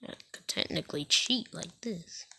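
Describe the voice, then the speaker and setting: A woman's voice: on the low side, expressive, normal speed, gravelly, pushed and bright, breathy edge. A woman hosting a gaming channel, giving casual gameplay commentary in a playful, giggly way with silly outbursts.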